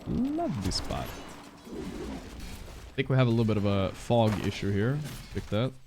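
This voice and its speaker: A man's voice: fairly low pitch, steady tone, normal speed. A man streaming and reacting to a match, talking loosely with viewers and swearing. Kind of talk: casual stream commentary.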